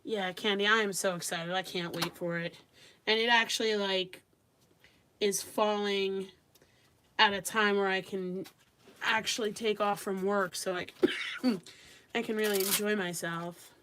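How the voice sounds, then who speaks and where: A chatty woman hosts a live crafting stream, talking straight to her viewers and answering their comments as she works. Her voice sits at an ordinary middle pitch, with faint clicks from her tools in the background. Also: steady tone, measured pace, long pauses, bright, forceful tone, slight background noise. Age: adult with young children. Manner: chatty, reads viewer comments aloud, talks to viewers directly. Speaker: craft livestream host. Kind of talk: casual chat while crafting live.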